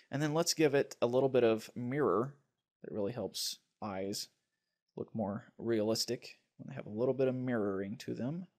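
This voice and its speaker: Man, tutorial narrator, relaxed, thinks aloud, mid-range voice. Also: mid-range voice. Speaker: software tutorial instructor. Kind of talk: screen-recorded software tutorial.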